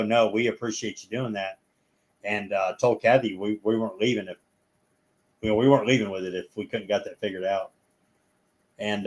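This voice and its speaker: A man's voice: on the low side, darkish tone. Rambling man telling stories casually. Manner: rambling, acts out the people in his stories. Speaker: guest. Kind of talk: casual storytelling chat.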